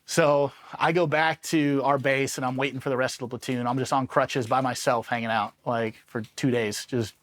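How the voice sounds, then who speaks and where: A man in his thirties from Los Angeles, a former soldier telling war stories in a loose, casual way, full of filler words and quick laughs. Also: mid-range voice, fairly even intonation, a bit bright. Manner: loose and conversational, full of "like" and "you know what I mean", laughs often. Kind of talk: casual first-person storytelling.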